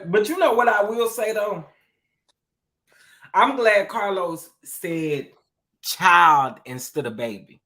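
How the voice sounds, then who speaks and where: A co-host in casual reality TV recap chat, animated and slangy, often laughing. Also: mid-range voice.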